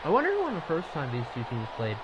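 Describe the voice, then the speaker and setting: A man's voice: mid-range voice, wildly swooping pitch, quick pace, crowd noise. A man casually commentating a video game football league on a live stream, rambling into chatty asides between plays.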